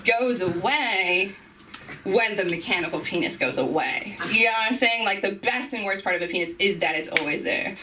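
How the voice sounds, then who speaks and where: A young woman doing a rambling stand-up set on a club stage, breaking off into loud impressions. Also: medium pitch, moderate pace, distant mic, background noise. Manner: rambling, self-interrupting, bursts into shouted impressions. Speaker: stand-up comedian.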